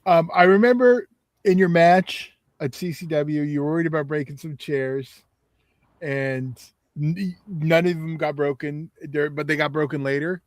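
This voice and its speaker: High-voiced male podcast host, loose and casual, with a dry sound. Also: a little slow, dry recording. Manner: casual, swears freely. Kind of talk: casual chat.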